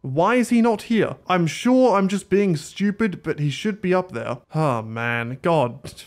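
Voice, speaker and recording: Sarcastic gamer with a high voice. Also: male voice, lively intonation, unhurried, faint music behind. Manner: sarcastic, self-mocking, swears freely. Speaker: gaming YouTuber. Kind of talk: casual gameplay commentary.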